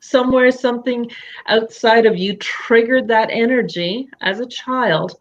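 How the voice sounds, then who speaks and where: Woman coaching with lively quoted asides. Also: on the high side, measured pace, highs cut off. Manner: lively, acts out quoted thoughts in other voices. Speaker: coach hosting a live session. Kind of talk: candid coaching conversation. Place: home office upstairs.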